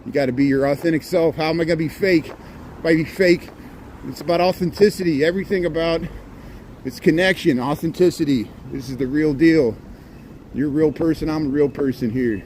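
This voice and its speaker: A man's voice: on the high side, brisk, darkish tone, rough recording. Folksy Midwestern man walking city streets. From Indiana. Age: 40s. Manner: folksy, rambling, repeats "here" and "there". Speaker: livestream host. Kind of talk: walking livestream tour. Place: outdoors on a city street in light rain. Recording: street noise behind.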